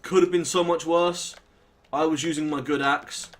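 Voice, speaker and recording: A young British man casually commentating his gameplay, rambling and self-deprecating as he thinks out loud. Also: a little high, fairly even intonation, normal speed. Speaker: let's play host.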